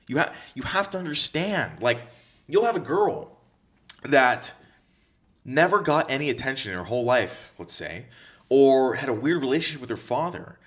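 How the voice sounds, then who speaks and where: This is a direct-to-camera advice monologue in which a man with a medium-pitched, slightly bright voice tells other men how to date. He's blunt, swears heavily, and repeats himself for emphasis.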